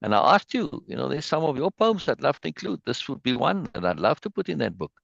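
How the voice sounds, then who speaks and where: A man's voice: mid-range voice, very animated, brisk, vocal fry, a bit bright, no echo, highs cut off. A man leading an online meeting, emotionally praising a poem and reading it aloud, repeating words as he goes. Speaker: spiritual group leader. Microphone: video call.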